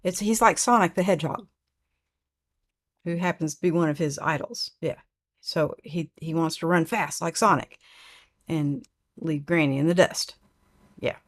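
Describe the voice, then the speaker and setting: This older woman's livestream is casual and rambling, with her Oklahoma twang coming through as she chats and reads viewers' comments out loud. Her voice sits low at a moderate pace, broken by long pauses.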